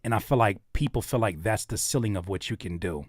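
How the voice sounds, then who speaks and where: A man's voice: fairly low pitch, fairly quick, husky, no echo, studio quality. A man hosting a live stream, reacting to listeners' songs in casual, thoughtful talk with many fillers and restarts.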